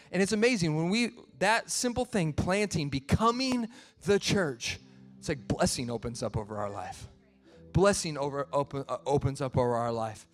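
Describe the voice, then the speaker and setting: A man's voice: extremely high pitch, a bit bright. A male pastor preaching a sermon in a conversational storytelling way, laughing at himself as he tells family stories.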